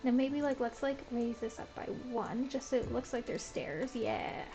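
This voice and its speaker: Streaming a building game, this woman talks to herself in a casual, self-described Valley Girl style packed with "like." Her voice sits on the high side with vocal fry at a normal speed, and the rough recording has music playing behind her.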